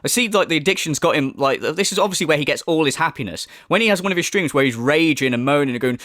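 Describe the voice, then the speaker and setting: A man rants through a commentary video, sarcastic and sweary. His voice sits a little high and jumps around in pitch, and the sound is dry and close. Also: animated, fast, few pauses, a bit bright, no room sound. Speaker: commentary YouTuber. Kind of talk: ranting commentary.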